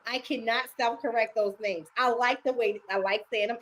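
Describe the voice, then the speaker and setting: An older woman with a Baltimore accent, casually chatting and laughing as a podcast co-host, her voice worn down and going hoarse. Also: a little high, moderate pace. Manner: laughing, animated, teasing. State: losing her voice. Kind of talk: casual chat.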